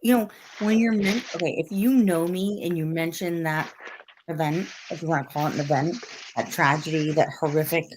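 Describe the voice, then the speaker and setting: Low-voiced woman venting on a livestream. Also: fairly even intonation, moderate pace, noisy background. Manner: heated, repetitive, emphatic venting. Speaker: livestream co-host. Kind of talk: casual livestream chat.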